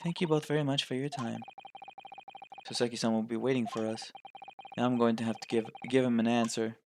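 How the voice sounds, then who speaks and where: A man voicing a polite young lawyer in a game, soft-spoken, hesitant and apologetic. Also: mid-range voice, flat delivery, fairly quick, a little hiss or hum, close to an everyday voice.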